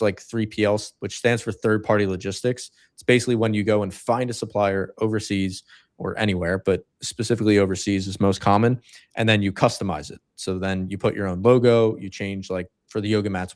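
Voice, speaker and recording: Low-voiced man telling rambling stories. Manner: rambling storytelling with fillers. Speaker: livestream co-host. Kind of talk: casual livestream chat.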